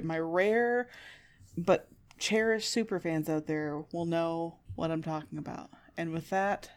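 A woman's voice: fairly low pitch, a little mellow. A woman co-hosting a podcast in loose, casual chat. She is sarcastic and cheerfully profane, and she laughs at her own jokes. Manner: sarcastic, swears, laughs often. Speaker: podcast co-host.

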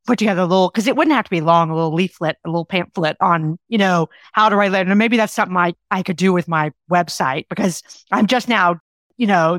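A woman's voice: lowish voice, dry recording, clean studio sound. A woman author being interviewed as a guest, who speaks in an enthusiastic, emphatic and down-to-earth way. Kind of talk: conversational interview.

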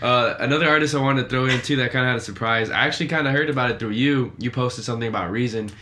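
A man speaks quickly in a bright, clear voice. He chats casually, leaning on fillers as he goes. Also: mid-range voice, slight background noise. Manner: quick, chatty, many fillers. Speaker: podcast co-host. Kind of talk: casual music chat.

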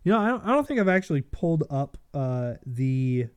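Very animated and brisk, this man's smooth, fairly high voice fills a solo political livestream where he reads the news and gives opinionated, casual commentary. He frequently restarts and corrects himself, and there's no room sound.

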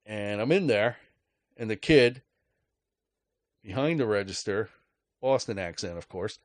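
With a lowish, animated voice, a podcast host spins a story a little slowly, leaving long pauses. The casual rant is sarcastic, jokey, and profane, captured in a dry recording.

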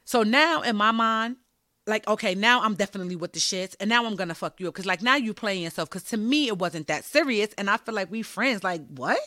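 A woman's voice: medium pitch, brisk, dry recording, studio quality. A woman hosting her own show, telling a personal story in a candid, slangy way. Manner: candid and animated, slangy, swears freely. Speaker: podcast host.

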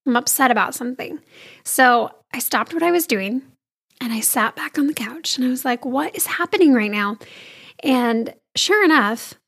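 A woman, likely in her thirties, talking casually and confidingly to her audience about rest, addressing them as friends. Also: sits high. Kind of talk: casual talk to camera.

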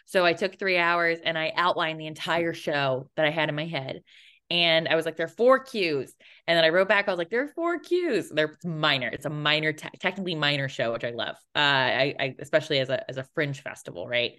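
A woman's voice: low voice, fairly quick, sharp tone, smooth. A young adult woman casually telling a story as an interview guest, laughing often and acting out the voices in her quotes. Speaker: interview guest, playwright and performer.

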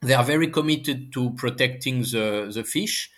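A man's voice: medium pitch, moderate pace, a bit bright. French-accented man explaining at length. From France. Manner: earnest, explains at length with frequent fillers. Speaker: guest. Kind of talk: conversational interview. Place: Paris, lives there.

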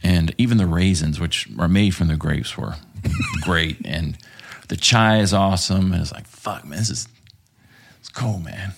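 A man's voice: low-pitched, a little slow, vocal fry, husky. A man guest on a podcast, telling a story in a casual, profane, laughing way. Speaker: podcast guest, former contractor.

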